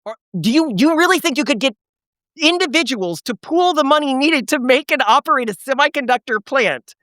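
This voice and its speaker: A man's voice: extremely high pitch, lively intonation, fairly quick, fairly bright tone, no room sound, studio quality. A man who is a debate guest, asking skeptical questions with frequent stammers and restarts.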